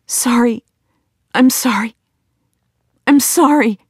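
A woman's voice: on the high side, slow, breathy edge, no room sound, studio quality, pitched above the performer's own voice. A woman voicing a grieving young mother who speaks in tearful, half-whispered apologies.

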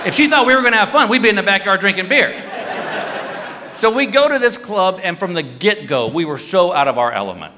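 A man's voice: sits high, animated, a little fast. Self-mocking fifty-something male stand-up. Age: 50s. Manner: self-mocking storytelling, acts out dialogue. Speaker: stand-up comedian. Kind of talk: stand-up routine. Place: live comedy venue on stage. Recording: live hall reverb, audience noise.

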